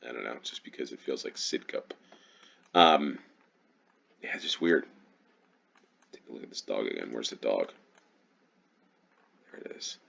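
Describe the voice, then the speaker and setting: A very deep, fairly bright male voice swings widely in pitch, has vocal fry, and moves at a measured pace with frequent pauses, all through a muffled recording. The speaker is a GeoGuessr channel host from New York, USA, whose Western New York accent comes through. He offers casual gameplay commentary, pondering aloud and hesitant with many ums.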